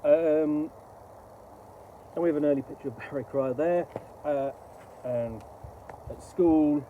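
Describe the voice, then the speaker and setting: A middle-aged man giving casual, rambling, halting commentary while unboxing a book. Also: a little high, phone-quality sound, a little hiss or hum.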